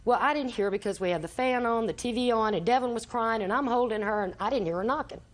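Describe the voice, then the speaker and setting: A woman's voice: on the high side, fast talker. An older woman giving courtroom testimony, telling a long story and acting out the quoted dialogue. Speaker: litigant in small claims court.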